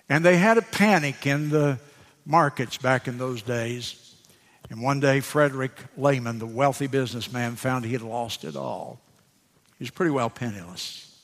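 A man preaching a sermon, slow and emphatic, dropping to a hush for key words. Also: a little high, in a large hall.

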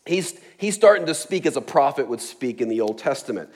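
Male pastor preaching, chatty and jokey, frequent fillers and chuckling asides, middle pitch. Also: very animated, fairly quick, darkish tone. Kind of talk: sermon.

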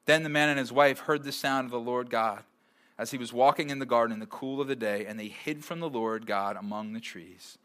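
A man preaching a sermon to a live church audience, reading scripture and joking with the crowd, often breaking into loud, lively bursts. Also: mid-range voice, a little fast.

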